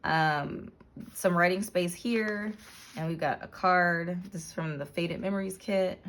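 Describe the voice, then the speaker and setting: A woman gives a casual, easygoing walkthrough of her handmade journal, pausing for ums and fixing her own words often. She speaks at a measured pace with a fairly low pitch.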